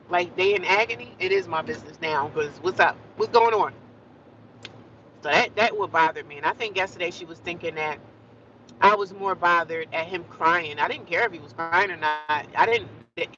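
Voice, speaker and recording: A woman's voice: mid-range voice, a bit bright, lo-fi sound, slight background noise. A woman vlogging in a casual, rambling monologue, earnest and repetitive, with frequent asides to the viewer.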